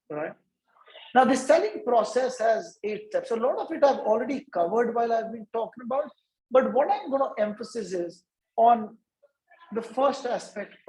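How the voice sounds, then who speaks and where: A man's voice: very high voice, echoey room, rough recording. A man from India giving a lecture at a business workshop, stopping after nearly every point to ask "right?". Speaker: workshop speaker. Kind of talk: lecture to students.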